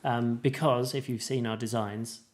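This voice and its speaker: A man co-hosts a relaxed podcast, talking at an ordinary middle pitch. He rambles and restarts his sentences often, with plenty of ums and likes. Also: normal speed. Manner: rambling, many fillers and restarts. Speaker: podcast co-host. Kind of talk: casual chat.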